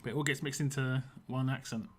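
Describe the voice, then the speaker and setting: Casting note: male game streamer, West London accent, mid-pitched, rambling and chatty with viewers. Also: steady tone, a little fast, slightly rough. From England. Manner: chatty and rambling, answers chat as he plays. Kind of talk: casual livestream chat while playing.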